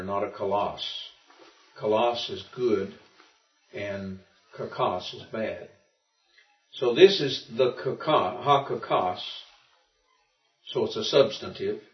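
Taking his time, a man with a mid-range voice teaches Greek in a casual classroom, explaining patiently while he thinks aloud and restarts often. The recording comes from far away and sounds muffled and roomy.

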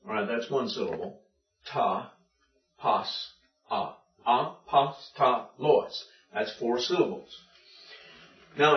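Far from the mic, a medium-pitched man teaches a Greek class, patiently laying out accent rules step by step. The classroom sound is dull and echoey.

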